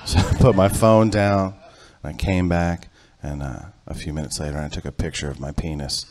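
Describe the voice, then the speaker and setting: A middle-aged man performing stand-up on a comedy club stage, telling a story that builds to loud, animated punchlines. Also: low-pitched, normal speed.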